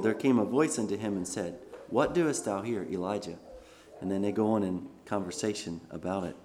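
A man's voice: lowish voice, a little hiss or hum. Man preaching, reading scripture aloud. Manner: reads scripture aloud then comments conversationally. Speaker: pastor. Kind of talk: sermon.

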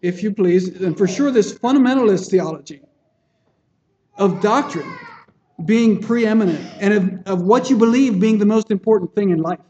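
A man's voice: high voice, normal speed, warm tone. A man preaching a sermon in an earnest, plain-spoken way, often restarting phrases and checking in with his listeners. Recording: dull lo-fi sermon recording.

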